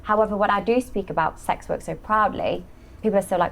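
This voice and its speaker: A woman's voice: mid-range voice, fairly quick, vocal fry, fairly bright tone. A woman speaking frankly and with self-assurance as a guest in an interview conversation.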